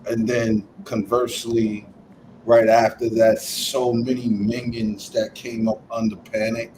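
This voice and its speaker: A man in a podcast discussion, speaking in a measured way with frequent pauses and fillers. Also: medium pitch, little pitch movement, noisy background.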